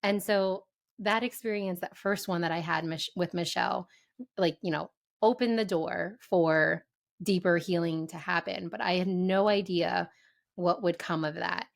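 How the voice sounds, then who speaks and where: A woman's voice: fairly low pitch, steady tone, vocal fry. A woman podcast host telling her own story in a casual chat, earnest and candid. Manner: earnest and candid, quick asides.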